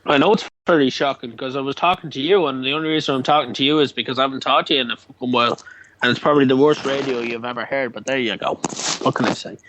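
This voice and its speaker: A man's voice: mid-range voice, steady tone, fast talker, fairly bright tone, muffled recording, slight background noise. A man chatting with lots of swearing and teasing on a late-night phone-in show. He stumbles over repeated words after a lot of beer. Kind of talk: casual banter over a call. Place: abroad, time zone ahead of the other host.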